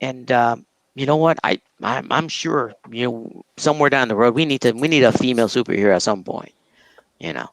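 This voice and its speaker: A man's voice: medium pitch, fairly quick, no room sound, rough recording. A man from Brooklyn, a comic book artist, chatting casually on a podcast, joking and laughing often and restarting his sentences. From Brooklyn, New York.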